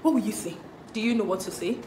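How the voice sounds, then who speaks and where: A woman's voice: mid-range voice, fast, dark tone, soft background music. A young woman in a comedy skit, talking in a dismissive, exasperated way. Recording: echoey room with faint hiss.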